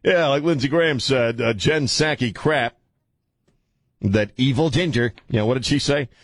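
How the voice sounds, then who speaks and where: A man hosts a casual talk radio show from a studio, rambling, joking and laughing with crude asides. His voice is mid-range at a moderate pace, captured on a studio mic with no echo.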